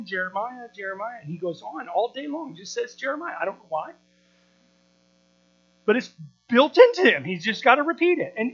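A man in his thirties preaching a sermon, animated, repeating words and asking rhetorical questions. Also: very high voice. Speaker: pastor. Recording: dull lo-fi sound with mains hum.

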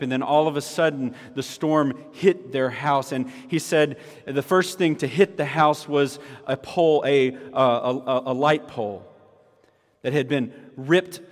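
A male pastor giving a sermon, emphatic and repeating key phrases for weight. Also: mid-range voice. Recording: long hall reverb.

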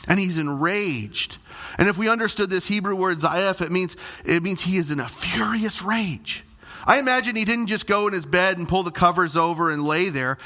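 A middle-aged man preaching a sermon as pastor, animated and dramatic, with big swings in his delivery. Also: sits high, moderate pace.

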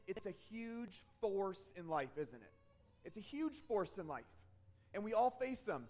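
A man with a fairly high voice delivers a sermon. He keeps it conversational, telling stories from his own life and often stopping to ask "okay?". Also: animated, a little slow. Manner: conversational, checks in with frequent "okay?"; tells personal stories to explain points. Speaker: pastor.

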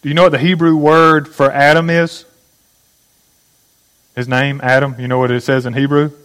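Speaking at medium pitch with little melodic movement, a male pastor works through his sermon at a moderate pace, posing questions to the congregation as he teaches each step. His tone is fairly bright and clean, though the recording itself is poor.

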